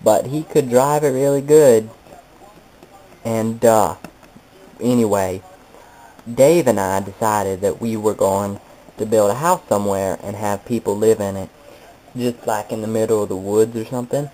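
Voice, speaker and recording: A man's voice: on the low side, unhurried, long pauses, warm tone, a little hiss or hum, rough recording. A man telling a rambling comedic monologue, meandering and correcting himself in a mock-nostalgic way. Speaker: comedic storyteller.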